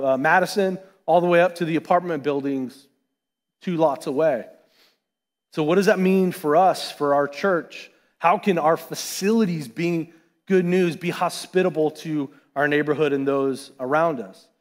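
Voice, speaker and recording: Pastor, male, fairly high voice, chatty animated sermon, long church reverb. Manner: conversational, animated preaching with asides. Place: church sanctuary.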